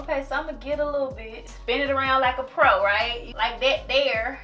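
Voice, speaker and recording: A woman's voice: high voice, steady tone, moderate pace, sharp tone, dull audio, soft background music. A woman talking casually in a home vlog, dramatic and laughing, often crying out that she is scared. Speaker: vlogger.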